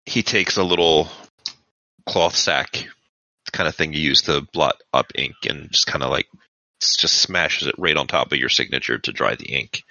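Male game master, unhurried descriptive narration, sharp bright tone, dry close sound. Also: rumbling low, vocal fry, no echo, muffled recording.

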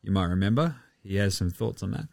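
A man's voice: low-pitched, expressive, a little fast, gravelly, a little mellow, dry recording, clean studio sound, soft background music. A man with an Australian accent hosting a casual, rambling chat with lots of swearing and chuckling asides. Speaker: podcast host.

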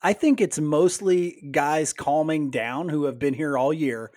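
Man, podcast co-host, halting speech, fairly high voice, dry sound. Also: darkish tone, no echo. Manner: halting, many restarts and fillers. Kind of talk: casual sports podcast chat.

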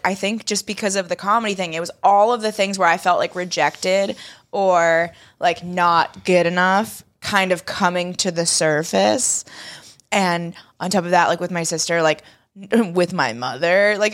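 A young woman co-hosting a casual podcast chat, telling an animated story with lots of "like". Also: fairly low pitch, moderate pace. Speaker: podcast co-host.

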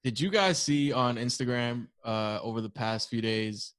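A man's voice: medium pitch, normal speed, clear, resonant tone, no echo. Slangy New man telling stories. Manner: swears freely, slangy, animated storyteller. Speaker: podcast co-host. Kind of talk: casual chat.

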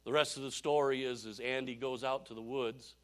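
A man preaching a sermon, telling a story in an animated way and often repeating phrases. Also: mid-range voice, brisk. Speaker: pastor.

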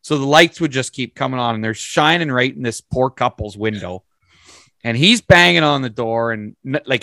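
A man's voice: medium pitch, vocal fry, fairly bright tone, no echo. Man, casual profane storytelling, laid-back, dry close mic.

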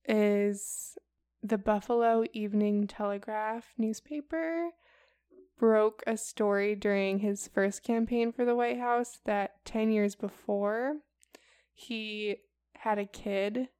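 A woman's voice: medium pitch, fairly even intonation, slow pace, a little mellow, clean tone, no echo. A young woman co-hosting a podcast, presenting a history report in casual chat full of "like" and "um". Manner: chatty and casual, heavy with fillers like "like" and "um".

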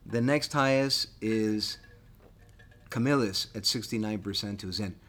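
A man's voice: fairly low pitch, a little slow, fairly bright tone. A man co-hosting a history podcast in casual chat, enthusiastic and eager as he wraps up the episode. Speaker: podcast co-host.

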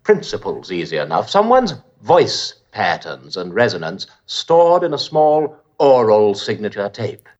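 A man's voice: lowish voice, big pitch swings, measured pace, hardly any pauses, darkish tone. An actor playing a suave, condescending male supervillain in a film clip, with a dry, drawling manner. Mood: smug. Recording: dull muffled film clip audio.

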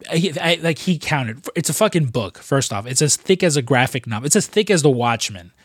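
A young man tells loose, profane stories on a podcast, breaking into quick imitations of other people. His voice sits at an ordinary middle pitch, and the sound is close and dry with no room echo. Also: lively intonation, husky. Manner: rambling, profane, jokey storytelling with put-on quotes. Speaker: podcast co-host. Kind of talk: casual podcast chat.

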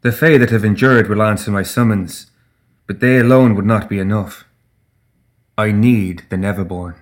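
A man voicing a stern, proud fae queen in an audiobook, speaking with measured, regal gravity. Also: fairly low pitch, close to an everyday voice.

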